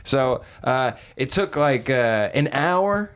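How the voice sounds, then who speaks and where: A man's voice: medium pitch, lively intonation, slow, fairly bright tone, smooth. Young man, podcast co-host, rambling casual storytelling, swears a lot. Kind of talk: casual chat.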